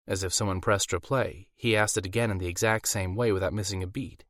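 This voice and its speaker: A man narrating a fantasy audiobook in an even, measured reading. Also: sits low, no echo, studio quality.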